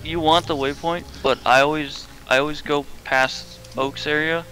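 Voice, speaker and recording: A man's voice: on the high side, fairly even intonation, moderate pace, sharp tone, low-quality recording. Goofy joking man streaming a game. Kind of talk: casual gaming chat.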